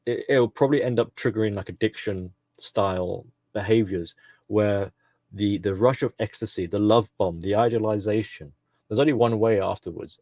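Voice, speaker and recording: A man with a fairly low voice, holding forth in a casual solo commentary. He rambles, fills pauses and corrects himself as he goes, recorded dry and close. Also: darkish tone, dry recording. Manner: rambling, frequent fillers and self-corrections.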